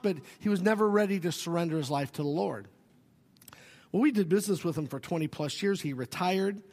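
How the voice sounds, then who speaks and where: A man, a pastor preaching a sermon, telling stories with swings from loud and animated to quiet and hushed. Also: high-pitched. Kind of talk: sermon with storytelling. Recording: long hall reverb.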